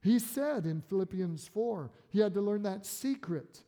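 A man's voice: sits high, lively intonation, unhurried, warm tone. A male pastor preaching a sermon in a folksy, conversational storytelling manner. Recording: echoey hall.

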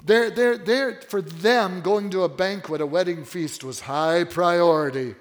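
High-voiced male pastor preaching. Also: measured pace, in a large hall. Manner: animated, asks the congregation questions. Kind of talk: sermon.

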